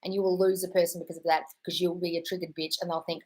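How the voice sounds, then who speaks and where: A woman's voice: fairly low pitch, flat delivery, quick pace, poor audio. A woman in her thirties hosting a live Q&A, reading viewer comments and answering in a blunt, sweary way, calling people "darling". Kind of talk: casual live Q&A chat.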